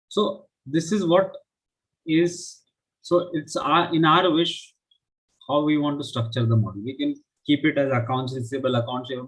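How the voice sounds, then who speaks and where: A man's voice: on the high side, low-quality recording. A man teaching a live online finance class, explaining step by step and often checking with "right?". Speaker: finance instructor.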